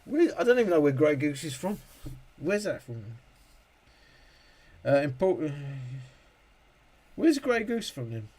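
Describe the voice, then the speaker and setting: A man's voice: fairly high pitch, sing-song, a little slow, long pauses, darkish tone. A middle-aged man hosting a casual live stream, reading viewer comments and answering in a rambling way, full of restarts. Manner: rambling, self-interrupting, with many restarts.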